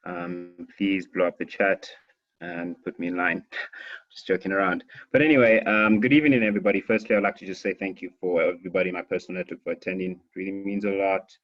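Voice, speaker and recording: A man presenting finance research in a webinar, speaking in a relaxed way with many fillers. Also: low voice. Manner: relaxed, filler-heavy, joking. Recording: dull lo-fi online call audio.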